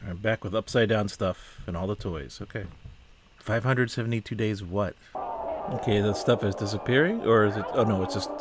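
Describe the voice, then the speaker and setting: A man's voice: fairly low pitch, moderate pace, noisy background. A man giving casual reaction commentary on a film. He sounds puzzled and exasperated, asks question after question, and often trails off and restarts his sentences.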